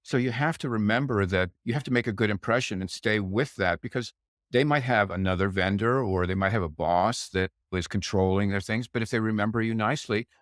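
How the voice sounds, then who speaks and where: An older man with a fairly low voice tells his stories with energy, slipping into the voices of the people he quotes. The sound is close and dry, with no room around it. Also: a little fast, dry recording. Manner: animated anecdote teller, acts out quoted voices. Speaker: guest. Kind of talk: casual storytelling chat.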